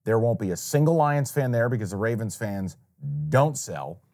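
A man's voice: mid-range voice, lively intonation, mellow. Opinionated man on a betting podcast. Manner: emphatic, opinionated, quick restarts. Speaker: sports betting podcast co-host. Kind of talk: casual sports betting chat.

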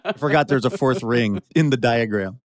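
A man's voice: mid-range voice, moderate pace, no room sound, studio quality. Conversational man hosting a radio show. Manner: friendly, conversational, guides the segment. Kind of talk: casual radio chat.

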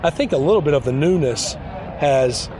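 A man's voice: a little high, animated, normal speed, background noise. A man being interviewed outdoors at training camp as a football player, talking earnestly and falling back on cliches. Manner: earnest, repetitive, cliche-laden.

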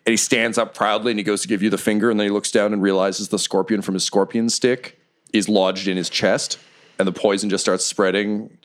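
Guy dming a tabletop game, lowish voice, keeps cracking himself up. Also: little pitch movement, fairly quick. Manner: laughs often while narrating. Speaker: dungeon master.

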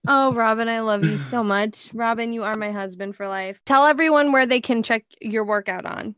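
A woman's voice: a little high, normal speed, a bit bright, dry recording. A woman hosting a podcast, chatting in a teasing, affectionate way. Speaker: podcast host. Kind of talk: casual podcast chat.

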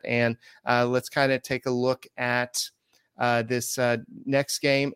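A man hosting a sports podcast, chatting casually and halting often with fillers. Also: mid-range voice, a bit bright, clean tone, no room sound. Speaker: podcast host.

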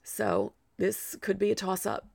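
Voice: medium pitch, flat delivery, measured pace, creaky, darkish tone, dry recording. A podcast host talking through a solo sports show, out of breath and chatty, with personal asides.

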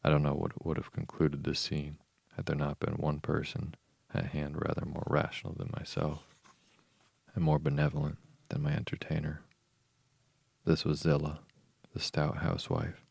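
Sleep podcast reader: very low, husky, monotone narration. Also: male voice, moderate pace, no room sound. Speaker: podcast host reading a novel. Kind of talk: calm bedtime reading of a novel.

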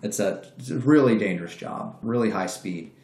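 Brief: a low-voiced man spinning a swearing, lively yarn, roomy echo. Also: moderate pace. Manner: profane, animated, acts out quoted voices. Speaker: guest telling a story. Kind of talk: casual storytelling.

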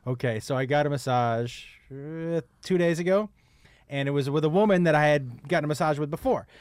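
A man co-hosting a podcast in casual chat, jokey and quick to interrupt. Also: on the high side, a little mellow, clear, resonant tone, no echo. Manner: jokey, interrupting, blurts out quips.

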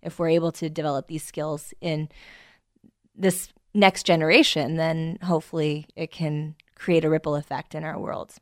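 A woman's voice: low-pitched, little pitch movement, moderate pace, dry recording, clean studio sound. A woman hosting a podcast interview, asking earnest, appreciative questions. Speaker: podcast host.

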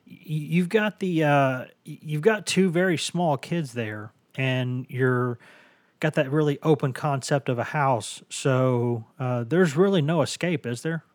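A man hosting a casual sports podcast from his home office, hoarse and rambling with stammering restarts. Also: on the high side, unhurried, dry recording. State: hoarse from bronchitis. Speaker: podcast host.

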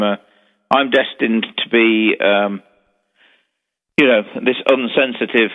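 An English man, a paranormal investigator, chatting as a radio guest in a rambling, storytelling way with many restarts. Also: medium pitch. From England. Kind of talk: casual radio chat. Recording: tinny phone line with long reverb.

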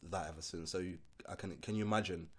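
A man's voice: low voice, steady tone, husky. A man from Britain, a pro wrestler, chatting casually and telling stories with frequent restarts and laughter. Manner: laughing, halting storyteller with many restarts. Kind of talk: casual podcast chat.

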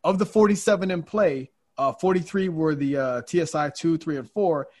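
A man hosting a casual podcast chat, telling a story in an animated, rambling way with many restarts. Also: on the high side, normal speed. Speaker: podcast host.

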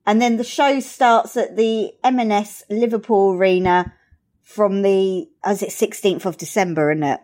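A woman's voice: medium pitch, fairly even intonation, normal speed, darkish tone. Teasing woman co-hosting a podcast. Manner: teasing, encouraging. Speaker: podcast co-host. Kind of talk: casual chat.

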